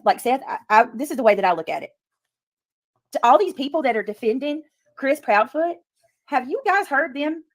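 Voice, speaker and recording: A woman with a voice on the high side hosts a casual livestream, talking earnestly to her chat, reading comments and repeating her points for emphasis. There is no room sound.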